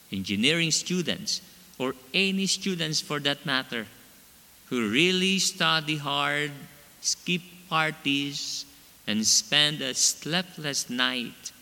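A man preaching a sermon, emphatic and measured in short phrases. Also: on the high side, animated, pushed and bright, big-room sound.

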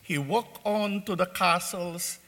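Male preacher, sermon, deliberate storytelling, high voice, long church reverb. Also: sharp tone. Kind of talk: sermon with a told parable.

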